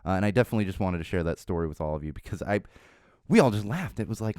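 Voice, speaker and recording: A man's voice: mid-range voice, very animated, fast talker, darkish tone, no echo, studio quality. A middle-aged man hosting a podcast, telling stories in a casual monologue that rambles through restarts and asides. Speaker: podcast host.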